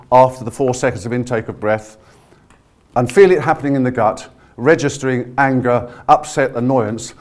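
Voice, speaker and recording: A man leading a voice workshop, coaching a live audience through breathing exercises in an energetic, encouraging way. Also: mid-range voice. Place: conference room with a live audience. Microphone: no handheld mic, projecting to the room.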